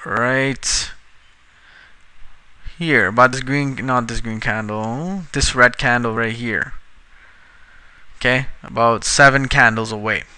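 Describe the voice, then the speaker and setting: A man walks through a trading tutorial in a loose, chatty way, and his voice is very bright and crisp. The sound is close and dry, with no room around it. He gets short-tempered and curses now and then at his sluggish computer. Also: mid-range voice, steady tone, dry recording. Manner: casual, frustrated, swears at slow computer. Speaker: trading instructor. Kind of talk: screen-recorded tutorial.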